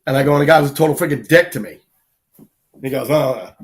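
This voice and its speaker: A man's voice: on the high side, fast. Rambling man telling a story. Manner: rambling storyteller, many fillers like "right?". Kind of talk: casual podcast chat.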